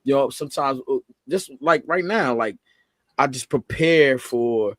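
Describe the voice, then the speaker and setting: A man hosting a casual faith talk, moving between quiet murmurs and loud, emphatic preacher-like bursts. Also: mid-range voice, measured pace, dry recording. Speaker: podcast host.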